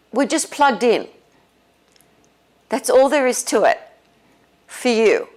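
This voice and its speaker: A woman spiritual teacher talking casually and leading a guided meditation, relaxed and often laughing. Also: a little high. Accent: non-American English. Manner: slow, relaxed, with frequent laughs.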